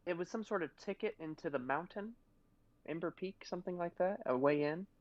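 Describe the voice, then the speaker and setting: A man's voice: high voice, brisk, no echo. A man playing in a tabletop game, talking in a hesitant, rambling way full of fillers and restarts. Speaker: player. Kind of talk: casual tabletop game chat. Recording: dull lo-fi mic.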